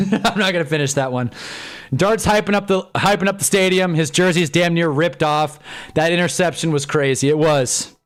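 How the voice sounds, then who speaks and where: A young man hosting a live stream, commenting on a football game as he watches, swinging from glum muttering to excited shouting. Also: on the high side, moderate pace.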